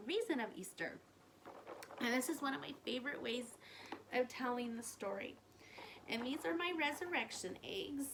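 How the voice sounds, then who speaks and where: Woman, higher voice, sing-song children's storyteller, faint hiss behind. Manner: animated, sing-song, asks the listener questions.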